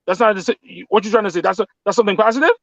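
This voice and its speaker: A man's voice: high-pitched, fairly even intonation, very fast, a bit bright, no echo, highs cut off. A man calling into a livestream, arguing passionately and repeating himself when pressed. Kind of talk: heated debate on a livestream call.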